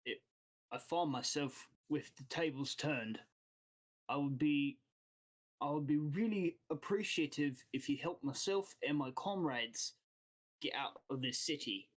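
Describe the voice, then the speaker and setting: A man's voice: a little high, a little slow. A man putting on a blunt guild boss with an accent. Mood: worried. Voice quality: put-on accent. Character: shrewd human male guild boss, street-wise.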